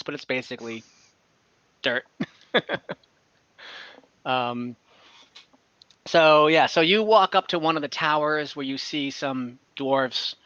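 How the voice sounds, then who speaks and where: A man's voice: a little high, sharp tone, no room sound, highs cut off. A man acting as dungeon master, describing a town at length with many fillers and restarts. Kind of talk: narrating an online tabletop game. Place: online call from home.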